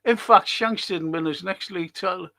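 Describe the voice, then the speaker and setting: A man's voice: high voice, moderate pace, gravelly, bright, forceful tone. A man hosting a fan live stream, ranting angrily with heavy swearing and arguing with his chat. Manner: heated, heavy swearing, combative. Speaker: fan show host reading live chat. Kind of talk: angry live-stream rant.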